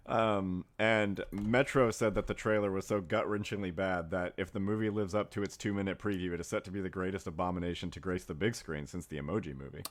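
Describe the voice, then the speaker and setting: A man's voice: low voice, fairly quick. A man hosting a comedic podcast, reading critics' quotes aloud through amused laughter. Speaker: podcast host. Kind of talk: casual comedic chat.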